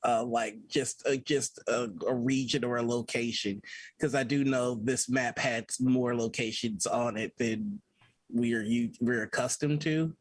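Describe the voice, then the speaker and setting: Male player, husky, dry-sounding, halting. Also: mid-range voice, steady tone, no echo. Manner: halting, thoughtful. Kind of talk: tabletop game play.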